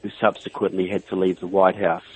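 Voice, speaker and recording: A New Zealand author with a New Zealand accent calls in to a political radio show as a guest, speaking earnestly and emphatically and stacking up long lists. His low, darkish voice is flat and a little fast, heard through a telephone over a phone line.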